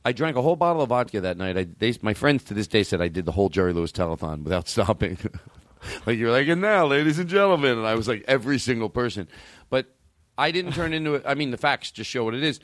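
Low-voiced man rambling comically. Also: fast, dry recording, studio quality. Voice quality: animated, swings between loud outbursts and mumbles. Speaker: podcast host. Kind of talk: rambling comedic storytelling.

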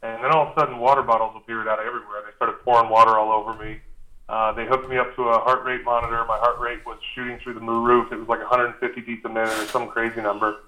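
Male podcast guest, casual storyteller, sharp bright tone, mid pitch, rambling with fillers. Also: level tone, quick pace, low-quality recording. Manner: rambling anecdote with restarts and many fillers.

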